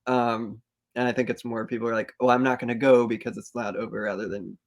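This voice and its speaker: A man guesting on a podcast talks loosely about touring, filling his sentences with "like" and "um". His pitch sits in the middle of the range for men. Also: little pitch movement, fast. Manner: loose, hedging with many fillers. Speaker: band member, podcast guest. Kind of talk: casual chat.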